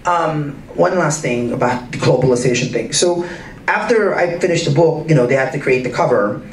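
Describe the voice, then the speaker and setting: Animated man at a distant roomy mic. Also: moderate pace. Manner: emphatic, full of rhetorical questions, wide pitch swings. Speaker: guest speaker in a public conversation. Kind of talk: animated talk to a live audience. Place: arts center event space. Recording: roomy and distant with faint noise.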